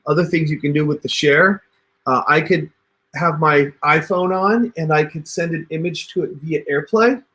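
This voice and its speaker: A man's voice: fairly high pitch, normal speed, sharp tone. A man hosting a casual livestream tutorial, talking viewers through steps on screen in a chatty way over a computer mic. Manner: chatty, addresses viewers as you guys. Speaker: host.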